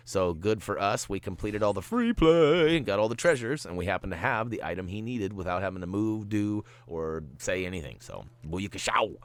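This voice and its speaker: Jokey male gameplay host, deep and bouncy, dry close sound. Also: lively intonation, brisk, hardly any pauses, clear, resonant tone, no room sound. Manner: playful and jokey, with goofy asides. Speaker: game walkthrough host. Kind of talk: gameplay commentary.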